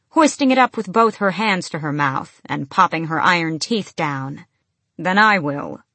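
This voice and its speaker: Casting: woman narrator for fantasy audiobook, lowish voice, dry close-mic studio sound. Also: fairly bright tone, no echo.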